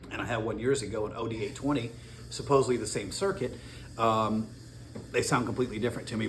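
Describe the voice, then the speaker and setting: A man chatting casually about guitar pedals in a rambling, slangy way, at home. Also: on the low side. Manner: rambling, slangy, self-interrupting. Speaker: guitar gear vlogger. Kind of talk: casual pedal demo talk. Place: home with a dishwasher running. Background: faint dishwasher noise.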